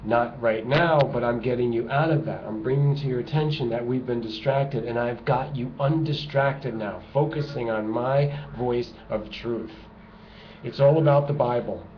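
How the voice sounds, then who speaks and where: A man delivering a sarcastic, emphatic ranting monologue to camera, repeating his points for effect. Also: medium pitch. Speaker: video blogger. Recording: dull lo-fi home recording with noise.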